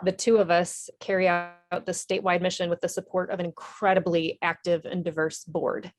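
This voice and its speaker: A woman's voice: on the low side, flat delivery, brisk. A woman, an Army veteran and nonprofit director, telling her story in a TV interview in an earnest, candid way with small restarts.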